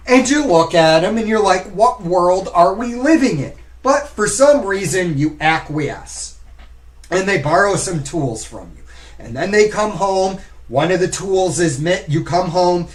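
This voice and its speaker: A man hosts a live stream in a loose, rambling way, talking straight to the viewers reading the comments. His voice sits a little high for a man, and he takes his time, drawing out each thought slowly. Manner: rambling, conversational, addresses chat directly. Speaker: streamer host.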